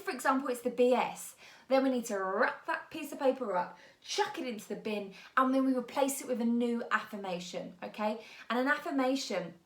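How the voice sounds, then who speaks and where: A woman's voice: a little high, a bit bright. A woman, a mindset and business coach, giving blunt, emphatic and encouraging motivational talk to the camera. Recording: echoey room.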